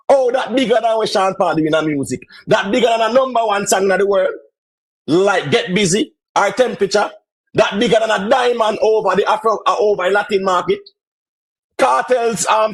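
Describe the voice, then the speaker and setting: A Jamaican man with a high voice fires off mocking rebuttals, often shouting. The sound is dry and close, with no room around it. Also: husky, no echo. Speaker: debate caller. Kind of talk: heated live stream debate.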